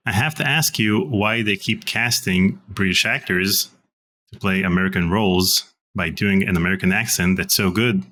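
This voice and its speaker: A man hosting an interview, setting up clips and questions in a slow, deliberate way. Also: deep voice, pushed and bright. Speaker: host.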